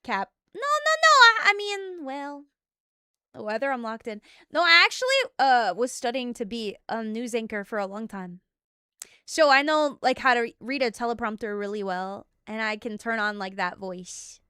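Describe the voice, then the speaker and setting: A woman's voice: fairly high pitch, moderate pace, bright, forceful tone, smooth, no room sound, studio quality. A woman streaming as a VTuber and chatting casually with her viewers, giggly and playfully bossy.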